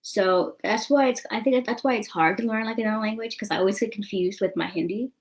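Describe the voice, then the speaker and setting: A young woman vlogging to her camera tells a rambling, chatty story at a fairly quick pace in a mid-range voice, leaning on fillers like "you know what I'm saying." It's a low-quality recording.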